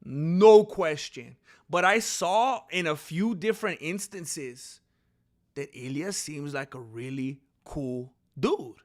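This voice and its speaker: Man, high voice, casual commentary host, animated storyteller, restarts and laughs. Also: takes it slowly. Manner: animated storytelling, acts out quotes in shouty voices; frequent restarts and laughter, emphatic repetition. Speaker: channel host.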